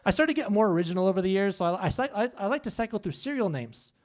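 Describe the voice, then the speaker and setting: A man hosting a comedy show on stage, doing his stand-up set with punchy, animated delivery and asides to the crowd. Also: sits high, racing. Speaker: stand-up host. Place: comedy club. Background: audience laughter.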